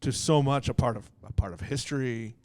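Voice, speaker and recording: A man's voice: mid-range voice, a little fast, darkish tone, no room sound. Enthusiastic, affirming male podcast host. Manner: enthusiastic and affirming, repeats phrases. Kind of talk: casual chat.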